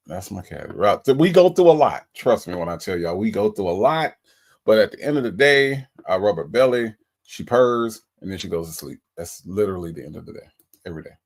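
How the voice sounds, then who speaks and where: Man, livestream host, lively sing-song pitch, playful, greeting chat. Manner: animated, greets viewers one by one, playful. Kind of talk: casual livestream chat reading viewer comments.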